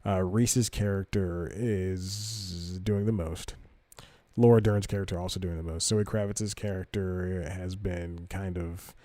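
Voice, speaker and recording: A man with a low, mellow voice talks through the news in an offhand podcast style. He wanders and corrects himself as he goes, then reads articles aloud. The sound is dry and close to the mic. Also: fairly even intonation, a little slow, no room sound. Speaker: podcast host. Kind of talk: casual podcast commentary.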